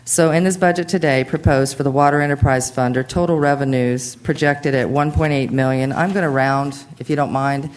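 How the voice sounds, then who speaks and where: A general manager at a public board meeting gives a staff report while unwell and hoarse, speaking in an informal, chatty way with many fillers and asides. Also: medium pitch, steady tone, a little fast, hardly any pauses.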